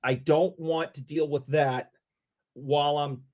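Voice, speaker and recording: A middle-aged man on a podcast, telling a story in casual chat, excitable and repeating himself. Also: on the high side, unhurried. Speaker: podcast co-host.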